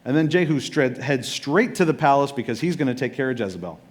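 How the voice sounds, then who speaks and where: A male pastor preaching, telling the story in a loose and humorous way, slipping in acted-out quotes along the way. His pitch sits at a middling male level, and his tone is easygoing and conversational. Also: expressive, quick pace. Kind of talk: sermon.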